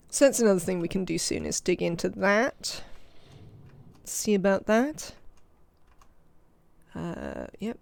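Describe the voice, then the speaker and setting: Lively, gravelly-voiced game streamer. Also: mid-range voice, dry recording. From United Kingdom. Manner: chatty, thinking aloud and talking to game characters. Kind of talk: let's-play commentary.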